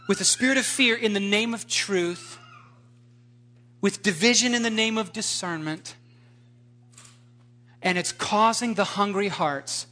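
A male pastor preaching a sermon, telling a story in an animated, emphatic way. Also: sits high.

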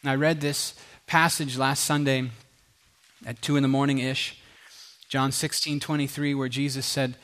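A middle-aged male pastor preaching with emphatic repetition, sometimes dropping to a quiet hush. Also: medium pitch, fairly even intonation, normal speed. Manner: earnest, emphatic, repeats phrases, drops to a quiet hush. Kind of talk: sermon.

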